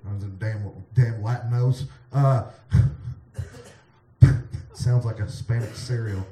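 A man's voice: mid-range voice, fairly even intonation, slow pace, warm tone, roomy sound, distant mic. A drunk man rambling through a profane comic bedtime speech with loose asides. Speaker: comedian.

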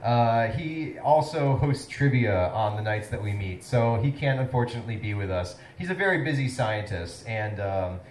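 A male host runs a mock town-meeting presentation on a comedy stage. He stumbles through fillers and restarts. His pitch rises and falls a lot, and the room rings around him. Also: expressive, echoey room, distant mic, slight background noise, rough recording. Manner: halting, filler-heavy delivery, breaking into laughter.

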